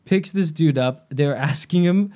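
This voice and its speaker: A man's voice: on the high side, unhurried, warm tone. A young man and podcast host telling a story in casual chat, rambling and profane, with lots of "like".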